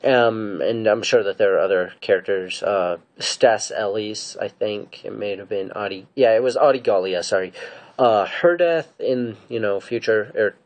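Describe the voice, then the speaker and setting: Casually going over episodes of a show, a fan reviewer offers his views at a moderate pace in a lowish voice. The delivery wanders and stalls, thick with fillers and false starts.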